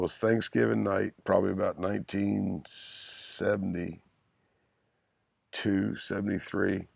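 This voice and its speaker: A man in his sixties telling lively stories from his youth in a casual chat, with salty language and chuckles. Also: fairly low pitch, creaky, dry recording. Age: 60s. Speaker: podcast guest, host's father. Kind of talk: casual storytelling.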